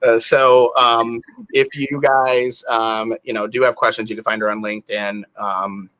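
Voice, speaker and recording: A man's voice: medium pitch, level tone, a little slow, a bit bright, dull audio. A man from the northern United States hosting a webinar, joking and rambling with lots of fillers. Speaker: webinar host. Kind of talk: casual chat.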